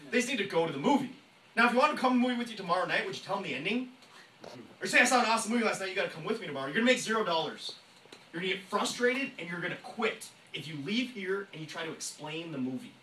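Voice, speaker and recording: A man giving an energetic sales training talk to a room, fast and emphatic, often acting out phone calls. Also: high voice, a little hiss or hum. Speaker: network marketing trainer. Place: meeting room with audience. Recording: echoey room, voice from a distance.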